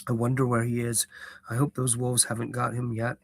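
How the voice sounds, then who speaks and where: A man's voice: medium pitch, completely flat delivery, a little fast, a little hiss or hum, close to an everyday voice. A man voicing a homely, fretful young male hobbit, read from a storybook. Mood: worried.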